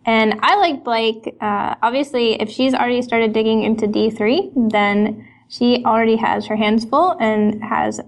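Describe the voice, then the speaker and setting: A woman's voice: fairly high pitch, a little slow. A woman panelist in a casual chat, upbeat and cheerful. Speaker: podcast panelist.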